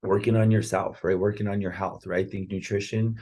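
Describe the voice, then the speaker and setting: A man's voice: fairly low pitch, little pitch movement, a little fast, a little mellow, slightly rough. A man giving casual, earnest motivational talk on a podcast, rambling and often checking in with "right?". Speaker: podcast speaker on real estate and personal growth.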